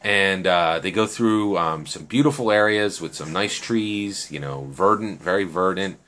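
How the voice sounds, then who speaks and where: A man's voice: deep voice, unhurried, fairly bright tone. A man telling a story casually, rambling with fillers and asking "right?" often.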